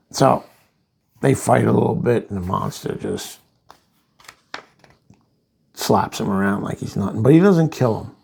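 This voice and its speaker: Man, gravelly, husky, lively pitch, casual comic review, rambling plot recap. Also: measured pace, pauses often. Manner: rambling, retells the plot with asides.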